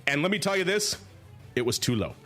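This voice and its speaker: A middle-aged man hosts a podcast, his pitch swinging widely as he rambles from topic to topic. He sits a little high for a man. Faint music plays softly behind him. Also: fairly quick. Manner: animated, digressive, quotes movie lines. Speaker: podcast host. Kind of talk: casual podcast banter.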